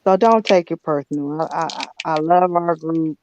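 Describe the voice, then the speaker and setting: A woman's voice: sits low, normal speed, noisy background. A woman on a casual panel talk, frank and annoyed, speaking out with hesitations. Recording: dull lo-fi sound.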